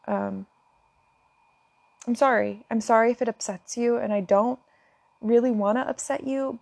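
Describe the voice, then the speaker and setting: A woman's voice: fairly high pitch, gravelly, a little mellow, dry recording. Woman vlogger, earnest and impassioned, dry close-miked sound. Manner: earnest, impassioned, sometimes near tears. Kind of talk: emotional direct-to-camera talk.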